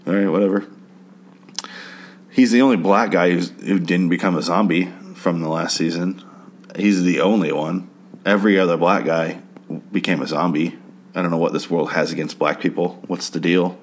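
A man's voice: low-pitched, fairly even intonation, normal speed, slight background noise. A man recapping a TV episode in a crude, sarcastic, rambling way, now and then mimicking characters. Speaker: TV show recapper. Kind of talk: casual spoken TV recap.

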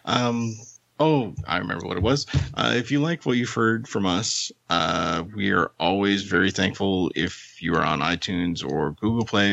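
A man's voice: deep voice, gravelly, pushed and bright, no echo, muffled recording. A man co-hosting a podcast, chatting casually, laughing often while plugging the show. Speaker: podcast co-host.

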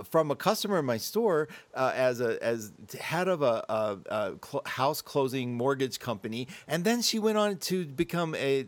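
A man hosts a relaxed panel talk, rambling and laughing as he goes. His voice sits at an ordinary pitch. It comes through a dry, close mic with no room sound. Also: no room sound. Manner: chatty, rambling, laughs often. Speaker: host. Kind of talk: casual panel chat. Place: Colorado mountains.

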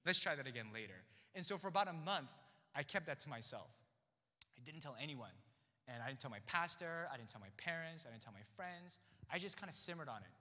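A young man telling a personal faith story in a chatty, animated way, acting out the dialogue he quotes. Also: on the high side, brisk, long reverb tail. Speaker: speaker sharing a testimony.

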